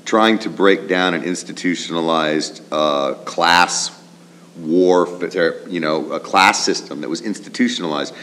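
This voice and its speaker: A male actor talking in an interview in a rehearsal hall. He explains quickly and with emphasis. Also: low voice, a bit bright, a little hiss or hum. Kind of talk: casual interview.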